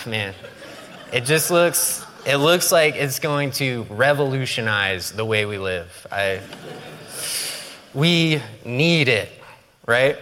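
A man's voice: on the low side, sharp tone, a little hiss or hum. A man preaching a sermon in a conversational, joking way, often acting out quoted voices. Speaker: pastor. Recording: long reverb of a large hall.

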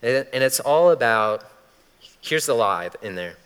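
A man's voice: medium pitch, expressive, measured pace, a bit bright, clear, resonant tone. A man preaching a sermon as pastor, talking casually and animatedly, acting out voices when he quotes. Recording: long hall reverb.

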